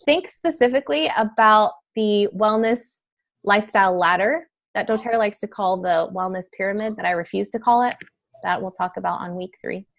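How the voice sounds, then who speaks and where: A woman teaching a class in a chatty, casual way, with many fillers and quick switches into acted examples. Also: medium pitch. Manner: chatty, filler-heavy, breaks into role-play quotes. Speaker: wellness sales trainer. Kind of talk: casual instructional talk.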